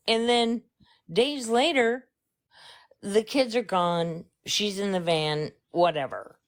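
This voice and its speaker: A woman speculating in a slow, suspicious way during a casual live stream chat. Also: mid-range voice, animated.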